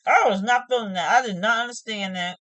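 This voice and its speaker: A woman's voice: mid-range voice, brisk, fairly bright tone, no echo, highs cut off. A woman hosting a casual reality-TV review vlog, opinionated and talking straight to her viewers. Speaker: host of a TV review channel.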